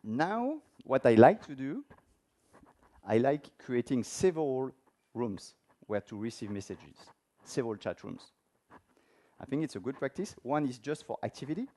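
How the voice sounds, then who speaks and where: At normal speed and with a warm, sing-song delivery, a man of medium pitch gives an informal technical talk at a conference. He demos live in front of a conference-room audience and asks them questions as he goes.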